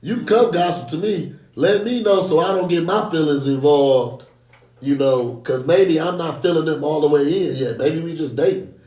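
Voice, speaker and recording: Slangy man talking in an echoey room. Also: on the high side. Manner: animated, slangy, quick asides. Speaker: podcast panelist. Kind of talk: casual group chat. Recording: echoey room, far from mic.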